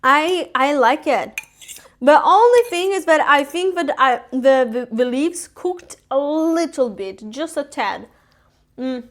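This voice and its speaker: A woman hosts a relaxed live cooking stream. Her voice sits high, and she chats loosely with viewers, giggling often at her own cooking. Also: slow pace. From Italy. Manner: chatty and giggly, laughs often at herself. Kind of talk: casual live-stream chat while cooking. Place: home kitchen.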